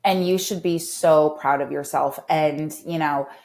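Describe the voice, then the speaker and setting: A woman in her thirties speaks as a podcast guest, with a voice that sits a little low for a woman. She tells her story candidly and animatedly, slipping into little acted-out voices and growing emotional. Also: fairly even intonation, unhurried, darkish tone.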